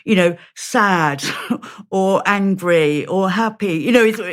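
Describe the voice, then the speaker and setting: A woman's voice: mid-range voice, takes it slowly. A woman in an interview who speaks as a parenting expert, thoughtful and conversational, often restarting sentences as she works out her point. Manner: thoughtful, with frequent restarts and fillers.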